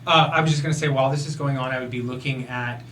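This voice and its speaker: A man's voice: mid-range voice, fairly even intonation, very fast, bright, forceful tone, distant mic, a little hiss or hum. Laid-back man player, echoey. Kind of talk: tabletop role-play.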